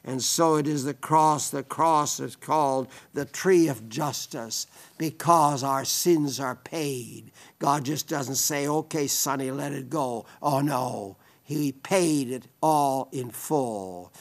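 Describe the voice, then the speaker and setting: A man preaching a sermon, fervent, rising to emphatic peaks and sinking to hushed tones. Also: slow pace, gravelly, few pauses. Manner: fervent, rises to loud emphatic peaks, then sinks to hushed low tones.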